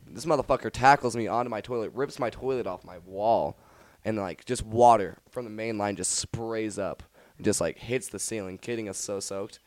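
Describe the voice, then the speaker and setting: A young man co-hosting a podcast, telling rowdy party and fight stories in a casual, profane, animated way. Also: fairly low pitch, a little fast, no room sound. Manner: profane, animated storytelling with acted quotes. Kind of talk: casual storytelling chat.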